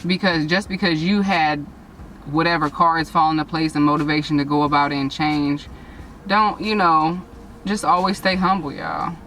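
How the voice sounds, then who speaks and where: A young woman, an interview guest and nursing graduate, telling her story in an animated, emotional way with frequent restarts. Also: low-pitched, moderate pace, distant mic, slight background noise, rough recording.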